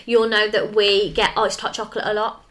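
A woman co-hosting a podcast in a studio, chatting casually and telling stories with quick asides. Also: medium pitch, flat delivery, fairly bright tone. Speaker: podcast co-host. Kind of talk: casual chat.

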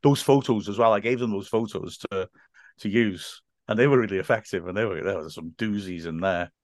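A man's voice: lowish voice, brisk, no echo, studio quality. A man, a football commentator chatting as a podcast guest and telling stories with many restarts. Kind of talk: casual podcast chat.

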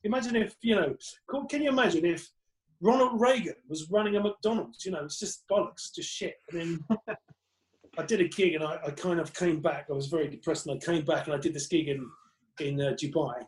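Man, comedian guest, rambling anecdotes, slightly high voice, casual podcast chat. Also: fairly quick, poor audio. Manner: rambling, animated anecdotes with swearing.

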